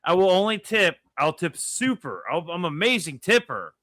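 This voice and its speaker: A man's voice: sits high, very animated, moderate pace, sharp tone, no room sound. A man co-hosting a casual chat, blunt and profane. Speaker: co-host.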